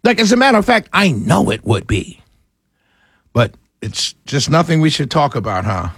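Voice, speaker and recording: Male call-in radio host, high and husky, exasperated ranter. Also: normal speed, no echo, clean studio sound. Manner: animated, exasperated ranting with rhetorical questions. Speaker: radio talk show host. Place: radio studio.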